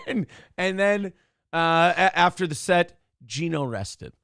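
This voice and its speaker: A man's voice: high-pitched, takes it slowly, smooth, no echo, clean studio sound. A man co-hosting a morning radio show, telling a night-out story in casual chat, swearing and acting out what people said. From Minnesota. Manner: animated storyteller, swears, acts out quotes.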